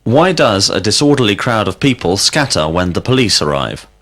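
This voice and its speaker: A male teacher leading a scripted language drill, asking questions slowly and deliberately and calling out single words as prompts. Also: fairly low pitch, very animated, a bit bright. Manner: slow, deliberate questioning with clear word prompts.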